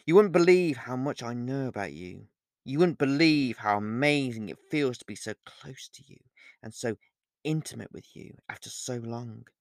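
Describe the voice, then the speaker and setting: A man playing a possessive young male werewolf in an audiobook reading, speaking in a calm, low and menacing way. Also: normal speed, dry recording, studio quality, close to an everyday voice. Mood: intimate.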